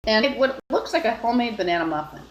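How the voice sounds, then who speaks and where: A woman's voice: a little high, expressive, quick pace, dull audio, a little hiss or hum. Rambling woman in an echoey room. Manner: meandering, with frequent fillers and restarts. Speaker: livestreamer. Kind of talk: rambling solo live stream. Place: indoors in an apartment. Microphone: phone.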